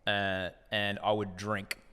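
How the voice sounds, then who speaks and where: An Australian man in his forties, a broadcaster guest telling animated, profane stories in a casual interview. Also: on the low side, slow, a little hiss or hum. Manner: animated, profane, acts out other people in anecdotes. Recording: echoey room with long reverb.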